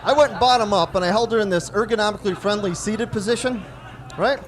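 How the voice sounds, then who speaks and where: High-voiced male stand-up comic. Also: fast talker. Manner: storytelling with self-deprecating jokes, acts out family dialogue. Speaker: stand-up comedian. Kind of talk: stand-up comedy.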